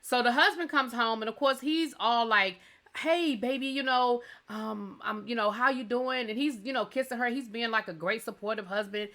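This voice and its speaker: A woman's voice: on the high side, sharp tone. A woman hosting a TV review channel, recapping an episode in chatty, colloquial, playfully sassy talk. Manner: acts out lines in quick asides.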